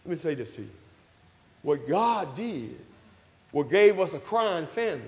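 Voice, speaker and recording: A man preaching a sermon, calling for responses, repeating his phrases and rising to loud emphatic peaks. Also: fairly high pitch, very animated, measured pace, long reverb tail. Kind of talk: sermon with invitation call. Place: church hall.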